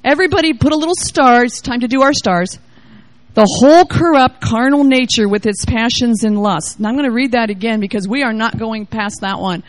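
A woman preaches a charismatic sermon in a high, bright-sounding voice. She reads scripture aloud and riffs on it with great exuberance, shouting praise one moment and murmuring the next. The sound is dry, with no room echo. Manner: exuberant, swings between loud exclamations and quiet asides.

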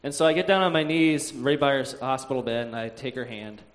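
Halting man telling a faith story. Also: medium pitch, steady tone. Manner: halting, many "uh"s, sighs and restarts. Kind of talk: personal faith testimony, storytelling.

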